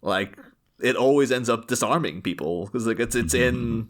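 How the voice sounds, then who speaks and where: A man co-hosting a podcast in a relaxed film chat. His pitch rises and falls a lot as he talks. He keeps slipping into playful impressions of the characters he is discussing. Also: normal speed. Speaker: podcast co-host.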